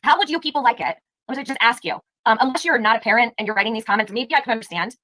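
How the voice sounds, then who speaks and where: A woman's voice: on the high side, rapid-fire, pushed and bright, no room sound, low-quality recording. A woman hosting a live stream, giving heated, indignant commentary and firing rhetorical questions at her chat. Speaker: livestream host.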